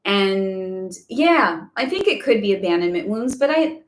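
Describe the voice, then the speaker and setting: A woman's voice: medium pitch, very animated, measured pace. A woman hosting a casual live spiritual Q&A, chatty and rambling with lots of fillers. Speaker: spiritual guidance host. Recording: echoey room.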